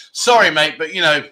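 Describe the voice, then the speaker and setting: Bloke hosting a livestream, really bright voice, kinda high, laughs a lot while chatting. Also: male voice. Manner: chatty, laughs often, banters with viewers. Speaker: livestream host. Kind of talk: casual livestream chat.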